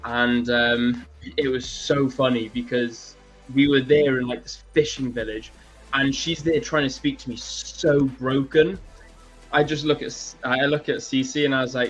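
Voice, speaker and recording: A man telling travel stories in a casual live-stream chat, lively and quick to laugh. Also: medium pitch, dull audio, soft background music. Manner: animated storyteller, laughs often. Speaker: co-host. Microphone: video call or stream setup.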